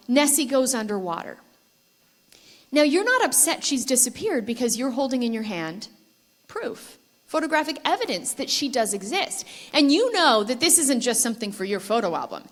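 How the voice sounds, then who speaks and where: A woman with a bright, high voice speaks to a conference audience. She tells a story to make her point and asks the listeners questions as she goes. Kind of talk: persuasive talk with storytelling. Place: conference hall with live audience.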